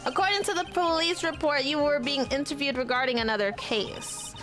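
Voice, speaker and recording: A woman's voice: high voice, brisk, over music, lightly acted. A woman voicing a smug, dismissive male prosecutor in a video game.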